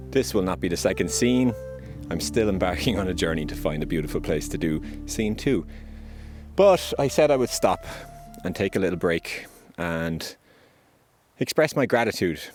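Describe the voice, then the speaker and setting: A man hosting a vlog, speaking gently and earnestly about gratitude and acceptance while out on a hike. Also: low-pitched. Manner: gentle, earnest, spiritual, unhurried with pauses. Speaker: podcast host sharing his survival story. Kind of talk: reflective spoken vlog on a hike. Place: outdoors on a hillside.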